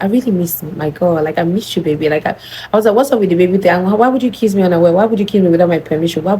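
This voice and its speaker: A young Nigerian woman with a Nigerian accent telling a storytime vlog, animated and acting out both sides of the dialogue. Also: fairly low pitch, slight background noise, poor audio. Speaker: vlogger.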